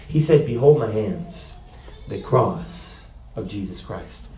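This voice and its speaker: A man's voice: on the low side, animated, slow pace, warm tone. A man preaching a sermon, asking the congregation rhetorical questions and reading scripture aloud.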